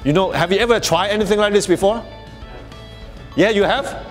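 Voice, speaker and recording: In a workshop space before an audience, a high-pitched man speaks at a normal speed over soft background music. He presents conversationally, often starting sentences over, saying "you know" a lot and chuckling as he goes.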